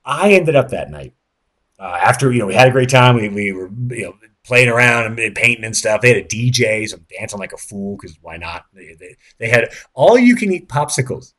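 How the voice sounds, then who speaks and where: A man in his late thirties, a podcast host, telling a rambling, excitable story with lots of fillers, restarts and swearing. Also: mid-range voice, brisk. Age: late 30s. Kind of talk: casual storytelling monologue.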